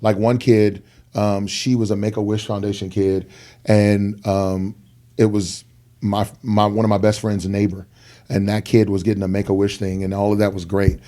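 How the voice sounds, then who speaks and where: Man, middle-aged, low voice, mellow tone, earnest storytelling, podcast guest. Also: moderate pace. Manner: earnest, animated, acts out quoted people with big pitch jumps. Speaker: guest rapper.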